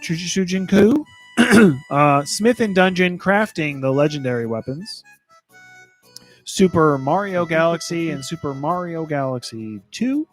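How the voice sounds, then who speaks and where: High-voiced man joking through game releases. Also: animated, a little slow, faint music behind. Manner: joking, stumbles over game titles. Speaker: podcast co-host reading release lists. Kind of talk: casual podcast chat.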